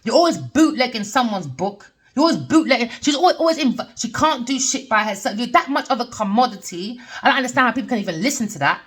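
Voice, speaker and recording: A woman's voice: a little high, expressive, fast, hardly any pauses, fairly bright tone, husky. Ranting woman, blunt and heated. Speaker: tarot reader. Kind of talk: ranting personal monologue.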